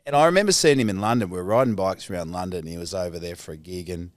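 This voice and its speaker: A man's voice: low-pitched, racing, no room sound, studio quality. Rambling Australian man in his forties. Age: 40s. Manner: rambling, anecdotal, swears freely, laughs through stories. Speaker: actor guest. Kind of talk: casual podcast chat.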